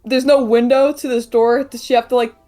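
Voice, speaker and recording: A woman's voice: fairly high pitch, flat delivery, brisk, mellow, soft background music. A woman playing in a tabletop game, chatting casually with lots of fillers. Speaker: player.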